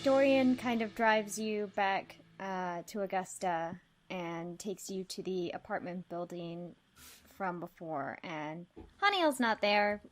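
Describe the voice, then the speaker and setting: Slow, rambling woman game master. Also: mid-range voice, soft background music. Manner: rambling, lots of um and like. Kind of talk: narrating a tabletop game.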